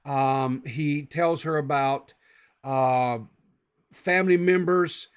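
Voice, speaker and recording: A man's voice: on the high side, steady tone, slow pace, clean tone. A man hosting a casual podcast, recapping a story in a loose, meandering way. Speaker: podcast host.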